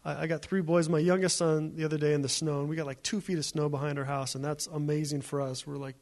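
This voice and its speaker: A man's voice: a little high, little pitch movement, fast, darkish tone. A man preaching a sermon as a pastor, in a conversational storytelling way with repeated phrases.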